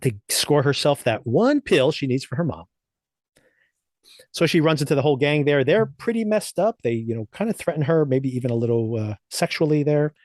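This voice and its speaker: A man's voice: a little high, sing-song, moderate pace, darkish tone, dry recording, clean studio sound. A man co-hosting a podcast, chatting casually as he recaps and reviews TV episodes, laughing often between thoughts. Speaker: podcast co-host.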